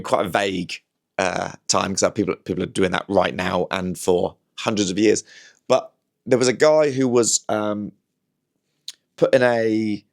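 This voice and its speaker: A man with a fairly low voice talks casually to camera from his home. His delivery is wry and meandering, full of restarts and asides as he jokes his way through a thought. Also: vocal fry. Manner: chatty, wry, self-interrupting. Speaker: comedian vlogger. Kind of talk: casual rambling monologue.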